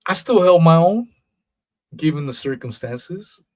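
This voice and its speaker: A man's voice: on the high side, lively intonation, a little slow. Blunt profane man hosting a podcast. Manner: blunt, profane, rambling, mocks others in put-on voices. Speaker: podcast host. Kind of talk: casual solo monologue.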